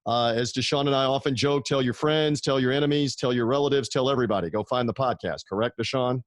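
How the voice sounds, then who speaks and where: A man's voice: medium pitch, fast, no echo. A man hosting a sports talk show with an upbeat, salesman-like drive, his voice sitting in a mid range for a man. The sound is dry and close, with almost no room around it. He keeps the energy up while promoting shows and throwing questions to guests. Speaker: podcast host.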